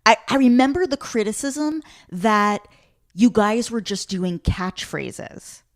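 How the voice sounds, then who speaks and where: Woman hosting a podcast, fast eager questions, voice a bit high. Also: expressive. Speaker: podcast host. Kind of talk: interview conversation.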